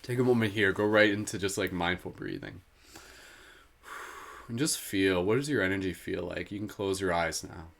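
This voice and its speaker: A man hosting a live guided meditation, slow and soothing when guiding, giggly and playful between exercises. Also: sits low, gravelly, fairly bright tone. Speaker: meditation host.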